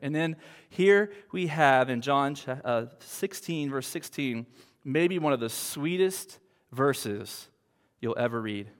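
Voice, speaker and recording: A man preaching a sermon as pastor, in an earnest, slow style with emphatic pauses. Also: medium pitch, expressive. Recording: long hall reverb.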